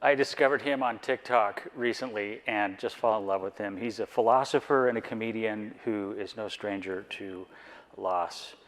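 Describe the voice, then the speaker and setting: A man's voice: lowish voice, normal speed, fairly bright tone. Earnest man giving a reflective talk. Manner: earnest, personal, reflective, with rhetorical questions. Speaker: board member giving a conference talk.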